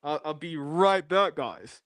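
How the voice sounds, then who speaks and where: A man's voice: on the high side, expressive, takes it slowly, a bit bright, no echo. A young man streaming from his home garage, chatting casually and repeating phrases restlessly while he sets up a new microphone. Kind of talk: casual livestream chat. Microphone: new desk microphone.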